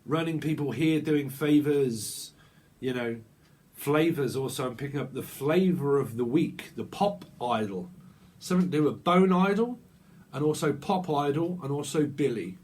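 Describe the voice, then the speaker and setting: Man, tarot reader, casual rambling, punning, a bit high-pitched. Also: expressive, moderate pace, darkish tone. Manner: rambling, playful wordplay, frequent chuckles. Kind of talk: casual improvised tarot reading.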